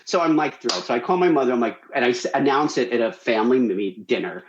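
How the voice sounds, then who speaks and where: A man telling a story on a radio show, animated and acting out the people he quotes. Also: quick pace, few pauses, roomy sound, highs cut off. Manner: animated, acts out quotes with big pitch jumps. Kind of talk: casual storytelling.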